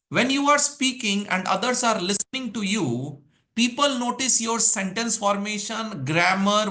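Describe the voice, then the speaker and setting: High, bright-voiced coach. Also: male voice. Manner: energetic, drills points with rhetorical questions and lists. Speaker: English speaking coach. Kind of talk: live workshop teaching.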